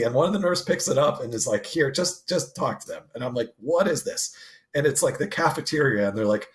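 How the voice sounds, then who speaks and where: A man co-hosting a podcast, telling stories in a laughing, animated way and acting out what people said. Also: a little high, brisk. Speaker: podcast co-host. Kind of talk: casual storytelling.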